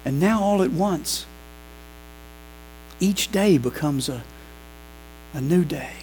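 A pastor preaching a sermon, telling lively stories and acting out the people in them. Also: male voice, fairly high pitch, slow, slight background noise, low-quality recording. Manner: animated, acts out quoted voices. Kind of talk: sermon with storytelling.

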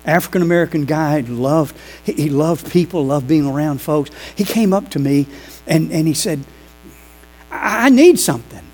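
A pastor preaching a sermon, telling lively stories and acting out the people in them. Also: male voice, fairly high pitch, normal speed, rough recording. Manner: animated, acts out quoted voices. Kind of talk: sermon with storytelling.

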